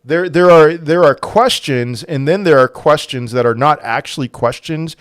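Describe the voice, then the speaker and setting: Halting man hosting a crypto livestream. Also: a little high, no echo, studio quality. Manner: halting, full of restarts, turns loud and heated when angry. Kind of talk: casual livestream chat reading viewer questions.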